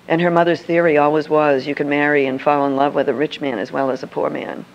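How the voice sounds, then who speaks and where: An older woman tells a personal story and acts out the dialogue vividly. Her voice has a gravelly edge. The recording is a muffled, lo-fi archive. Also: sits low, level tone, fast talker. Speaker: Christian speaker.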